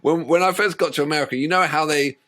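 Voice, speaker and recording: A man's voice: a little high, quick pace, fairly bright tone. A man co-hosting a music reaction channel, chatting casually and telling jokey stories with plenty of laughter. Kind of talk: casual chat.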